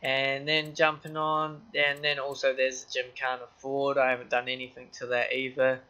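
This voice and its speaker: A man's voice: mid-range voice, monotone, normal speed, pushed and bright. A man hosting a casual game walkthrough, rambling loosely in car-enthusiast slang. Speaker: gaming channel host.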